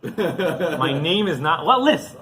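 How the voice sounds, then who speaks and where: A man voicing a rich man who pleads frantically in a high voice. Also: sing-song, very fast, bright, forceful tone, a little hiss or hum, heavily acted. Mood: baffled. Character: excited, pushy rich man.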